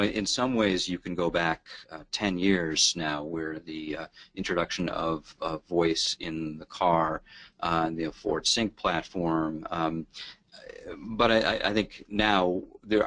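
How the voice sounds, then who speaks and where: A man's voice: deep voice, fairly bright tone, dry recording. A man speaking as a panelist in a webinar discussion, hesitant with many fillers and restarts. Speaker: guest panelist.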